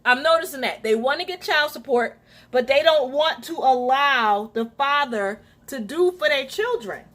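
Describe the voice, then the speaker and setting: A young woman hosting a casual podcast from her home kitchen while cooking, talking straight to her listeners in an animated, indignant way. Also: sits high, moderate pace. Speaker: podcast host.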